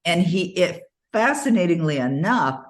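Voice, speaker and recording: A middle-aged woman giving an interview, telling stories in a lively way and often laughing as she talks. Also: lowish voice, moderate pace. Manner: animated storytelling, frequent laughs. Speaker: interview guest. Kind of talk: casual interview conversation.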